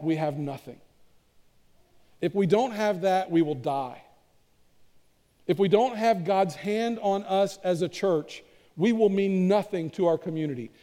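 A man's voice: high voice, dark tone. A man pastor preaching a conversational, self-deprecating sermon in a church, often repeating words. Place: church sanctuary. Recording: long church reverb.

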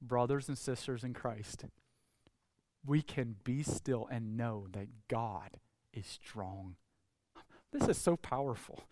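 A male pastor preaching a sermon, swinging between loud calls and hushed low passages. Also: slow pace, pauses often, no room sound, studio quality.

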